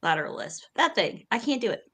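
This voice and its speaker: A woman's voice: fairly high pitch, very animated, a little fast, sharp tone, breathy edge. A woman co-hosting a podcast in casual chat, giggly and self-mocking. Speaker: podcast co-host.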